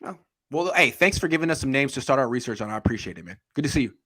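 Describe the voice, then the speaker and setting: Fast, bright-voiced male podcast host. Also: medium pitch, expressive. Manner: quick, casual, reads viewer comments aloud. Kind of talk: casual sports talk.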